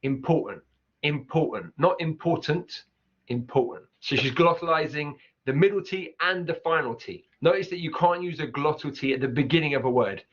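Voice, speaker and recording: Coach, fairly high voice, repeats example words, dull lo-fi audio. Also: male voice, fairly bright tone. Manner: repeats words slowly to demonstrate. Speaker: accent teacher. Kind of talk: explaining pronunciation over clips. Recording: dull lo-fi sound.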